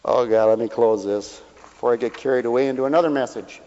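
A man preaching as a pastor, folksy and animated, acting out little voices as he talks. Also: mid-range voice, fast talker. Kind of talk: sermon. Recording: dull hall recording with long reverb.

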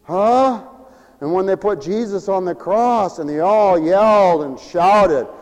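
A man preaching a sermon, dramatic and given to mimicking others and shouting for emphasis. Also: sits high, slow pace, big-room sound, lo-fi sound. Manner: dramatic, acts out other people's voices.

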